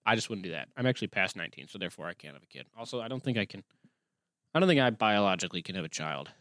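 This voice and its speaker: A man's voice: low-pitched, sing-song, racing, a bit bright, no echo. Rambling, sarcastic man on a dry mic. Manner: rambling, sarcastic, swears often, interrupts his own reading. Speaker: podcast host. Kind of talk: casual solo podcast, reading and reacting to a listener story.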